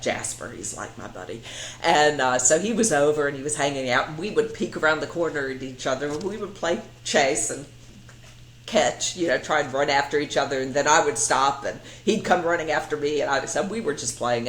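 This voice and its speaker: Brief: middle-aged woman, low voice, animated storyteller, roomy echo. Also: slight background noise. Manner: animated, acts out quoted voices, laughs often. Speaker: interview guest, psychiatrist. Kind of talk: casual storytelling in an interview. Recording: echoey room.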